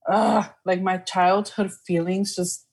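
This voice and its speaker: A woman co-hosting a podcast in casual chat, talking in an excited, emotional way and laughing often. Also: mid-range voice, slow pace, breathy edge. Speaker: podcast co-host.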